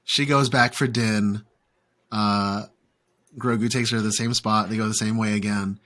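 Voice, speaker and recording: A man's voice: lowish voice, fairly even intonation, normal speed, fairly bright tone. A man hosting a casual fan podcast, recapping an episode with frequent fillers and playful asides. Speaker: podcast host.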